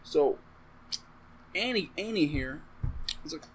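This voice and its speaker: Profane rambling guy, slightly high. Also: moderate pace, slight background noise, rough recording. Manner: profane, offhand and rambling, with self-interrupting asides. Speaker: comedic vlogger. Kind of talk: casual rambling movie recap.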